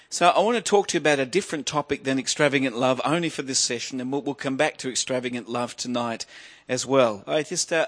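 A man's voice: mid-range voice, fairly bright tone. A middle-aged male preacher giving a sermon, joking and restarting phrases, then building to emphatic preaching.

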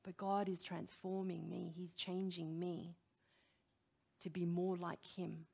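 A middle-aged woman preaching a sermon, animated and emphatic, putting direct questions to her listeners. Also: on the low side, slow pace, creaky, breathy edge.

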